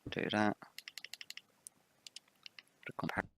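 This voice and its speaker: A man hosting a game let's play, relaxed and thinking aloud while he builds, his voice a little rough from the early morning. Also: slow pace, slight background noise. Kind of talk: casual gameplay commentary.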